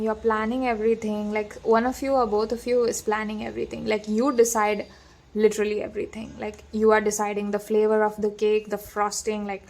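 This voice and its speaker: A woman giving a gentle, reassuring tarot reading, talking with many fillers and restarts. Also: medium pitch, flat delivery, moderate pace, slight background noise. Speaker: tarot reader. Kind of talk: soft-spoken tarot reading.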